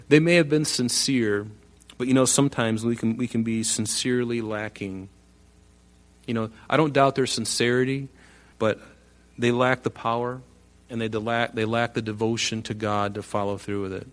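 A man preaching a sermon, swinging between quiet asides and loud bursts as he acts out the people he quotes. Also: medium pitch, steady tone, moderate pace.

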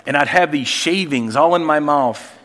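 A middle-aged male pastor delivers a sermon in a slightly higher-than-usual voice. He speaks conversationally, throwing out rhetorical questions and often restarting his sentences mid-thought. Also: normal speed, a bit bright.

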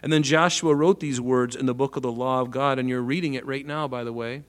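A man in the middle of a sermon, preaching with animated energy. He acts out the voices he quotes, rising to loud calls and dropping to soft asides. His voice sits at an ordinary middle pitch. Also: brisk, clear, resonant tone. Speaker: pastor.

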